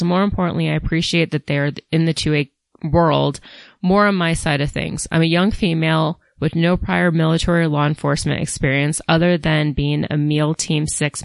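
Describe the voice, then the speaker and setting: A woman's voice: deep voice, vocal fry, dry recording. A woman hosting a podcast, reading a listener review aloud and making jokey, irreverent asides. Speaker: podcast host.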